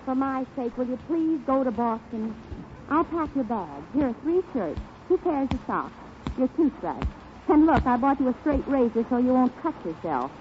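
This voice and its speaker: A brassy young wife, bossy and wisecracking, as a woman acts her out in an old radio comedy sketch. Her voice sits high. It comes over a tinny, hissing broadcast line. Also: big pitch swings, moderate pace.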